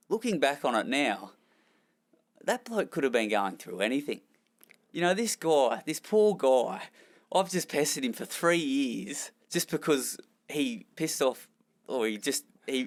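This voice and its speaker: A young Australian man, a former jockey, telling rambling, self-deprecating stories in an interview. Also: medium pitch. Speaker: former jockey and trainer, guest. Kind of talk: candid storytelling in a podcast interview.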